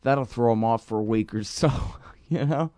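A man's voice: medium pitch, normal speed, warm tone, dry recording, close to an everyday voice. A man voicing a scheming male politician with a put-on Italian-American thug accent.

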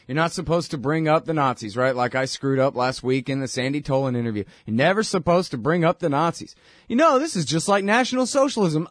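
A man's voice: fairly high pitch, dry recording, studio quality. A man hosting a talk show, delivering a sarcastic, opinionated political monologue that builds to indignant outbursts.

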